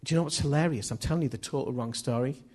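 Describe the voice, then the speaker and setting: A man's voice: medium pitch, racing, darkish tone, husky. A man preaching a sermon in a chatty, jokey way, laughing at himself as he tells stories.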